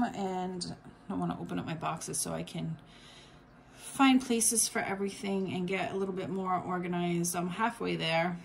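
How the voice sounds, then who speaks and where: A woman's voice: fairly low pitch, gravelly, a little hiss or hum. A woman vlogger chatting casually about a subscription box, rambling with lots of fillers and restarts. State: has the hiccups. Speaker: unboxing vlogger. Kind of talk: casual unboxing chat.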